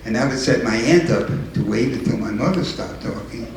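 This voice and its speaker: A man's voice: mid-range voice, expressive, fairly quick, darkish tone, a little hiss or hum. An older man from New York City speaks as a mayor addressing a local meeting. His delivery is earnest and emphatic, circling back to restart and repeat phrases. He is picked up from a distance in a very echoey hall. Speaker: town mayor. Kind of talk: public speech to a local group.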